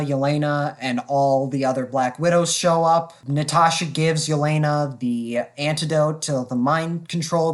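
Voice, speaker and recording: A woman co-hosting a podcast, giving a casual, opinionated film review with candid asides. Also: low voice. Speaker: podcast co-host.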